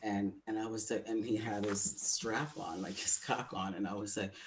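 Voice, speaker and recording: A man's voice: fairly low pitch, fairly even intonation, moderate pace, a little hiss or hum. A man co-hosting a webinar, telling a personal story in a frank, confiding way with plenty of fillers. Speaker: webinar co-host.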